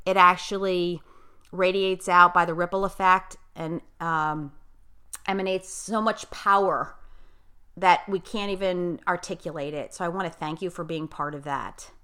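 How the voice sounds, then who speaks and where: Middle-aged woman podcast host, emphatic life coach, bright smooth voice. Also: lowish voice, steady tone, measured pace. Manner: emphatic, blunt, effusive. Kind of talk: casual podcast interview.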